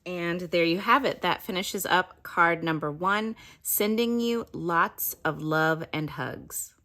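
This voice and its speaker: A woman's voice: lowish voice, slow pace, pushed and bright. A woman giving a casual craft tutorial, chatting and explaining each step as she works. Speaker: craft demonstrator.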